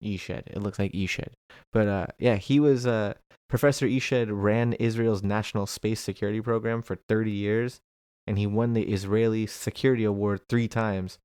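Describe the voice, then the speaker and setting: A man's voice: lowish voice, steady tone, normal speed, a little mellow, clear, resonant tone, no room sound, clean studio sound. A man co-hosting a casual podcast chat, laid-back and laughing easily, swearing casually.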